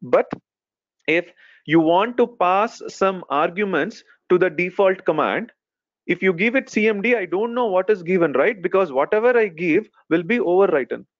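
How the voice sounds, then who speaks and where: Male instructor on a video call, patient step-by-step explainer, somewhat high-pitched, muffled lo-fi line. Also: expressive, normal speed. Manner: explains step by step, many fillers like "okay" and "right". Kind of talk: live online technical lesson. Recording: dull lo-fi call audio.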